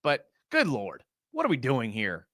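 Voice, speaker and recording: A man's voice: mid-range voice, measured pace, dry recording, studio quality. A man hosting a live fan show, breaking down game film in a casual, exasperated ranting style and answering chat. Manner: animated, exasperated rants with sarcasm.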